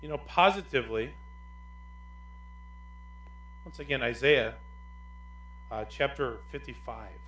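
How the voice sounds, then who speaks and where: A male pastor preaching with a bright, fairly high voice that leaps up for emphasis and drops low for quiet asides. His sermon rings through an echoey church room. A faint hum sits underneath. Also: moderate pace, pauses often. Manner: animated, swings between loud emphasis and quiet asides.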